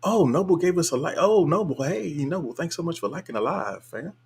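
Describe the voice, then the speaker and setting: A man's voice: on the high side, animated, a little fast, gravelly, husky. A man hosting a casual live stream, reading viewer comments aloud in a laid-back, colloquial way and chuckling often. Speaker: livestream host.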